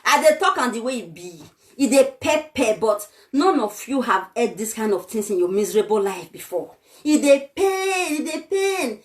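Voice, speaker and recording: A woman's voice: a little high, big pitch swings, moderate pace. A young Nigerian woman ranting on a vlog, insulting and scolding her viewers in a fiery tone. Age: young adult. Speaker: vlogger.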